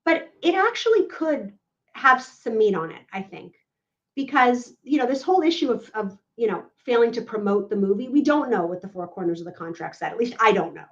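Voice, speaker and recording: Emphatic, fairly high-voiced woman legal analyst for a podcast; dull lo-fi audio. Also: big pitch swings, a little fast. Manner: emphatic, keeps checking in with "right?".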